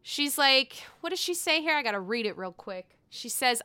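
Sassy, bright-voiced woman dishing gossip. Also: high voice, lively intonation, normal speed, clean tone, dry recording, clean studio sound. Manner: chatty, sassy, swears freely. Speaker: gossip vlogger. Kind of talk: casual gossip commentary.

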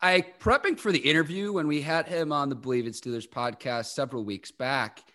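A man's voice: a little high, brisk, a bit bright. A man hosting a podcast, talking reflectively in a casual interview. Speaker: podcast host.

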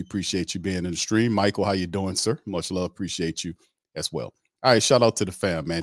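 A man hosting a casual live-stream sports chat, reading out chat names and talking in an animated, repetitive way. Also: sits low, no room sound, clean studio sound. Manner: animated, repeats himself, reads chat shout-outs. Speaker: host.

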